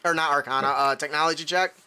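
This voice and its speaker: A man's voice: fairly high pitch, fairly even intonation, quick pace, sharp tone, clear, resonant tone. A man narrating a tabletop game as game master, loose and laughing, with plenty of fillers.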